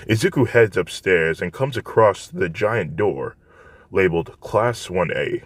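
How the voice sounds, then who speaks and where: A man narrating a fan story in a plain, steady reading voice. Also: fairly low pitch, unhurried, no room sound.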